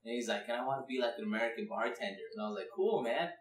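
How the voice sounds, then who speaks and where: A man's voice: medium pitch, sing-song, racing, fairly bright tone. A man guesting on a podcast, an easygoing storyteller in casual chat over drinks who laughs often. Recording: echoey room, mic at a distance.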